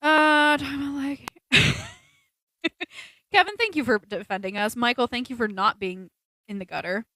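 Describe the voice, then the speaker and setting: Animated woman co-hosting a podcast. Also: fairly high pitch, measured pace, dry recording. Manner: animated storytelling, quotes people in put-on voices. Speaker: podcast co-host. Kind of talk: casual chat on a livestreamed podcast.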